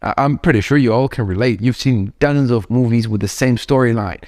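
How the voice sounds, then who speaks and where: A man's voice: medium pitch, a little fast, a little mellow. A young man with an Ethiopian accent, a non-native English speaker, gives a casual, chatty English lesson and often asks his viewers questions. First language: not English. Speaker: English teacher.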